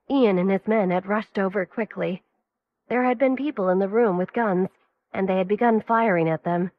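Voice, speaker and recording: A woman giving steady, even scripted narration of an audio story. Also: medium pitch, highs cut off.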